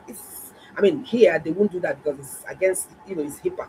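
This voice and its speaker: A woman doctor, telling viewers a story in a casual, animated and emphatic way. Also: on the low side, quick pace, few pauses, a little hiss or hum, low-quality recording. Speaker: doctor and health vlogger.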